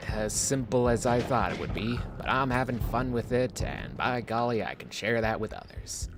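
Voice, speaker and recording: A man streaming a game muses casually and ramblingly, tossing in self-mocking asides. His voice is medium-pitched, he talks at normal speed with few pauses, and the background is noisy.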